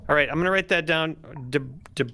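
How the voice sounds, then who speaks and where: A man's voice: on the high side, steady tone, fast, over a noisy crowd. A man casually chatting and joking while building a game character. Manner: laughing, joking, thinking aloud. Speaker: player.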